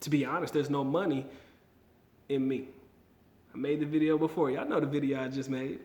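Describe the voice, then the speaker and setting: A man's voice: mid-range voice, fairly even intonation, brisk, warm tone. A man vlogging casually to camera, slangy and emphatic, repeating his points for effect. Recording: roomy echo.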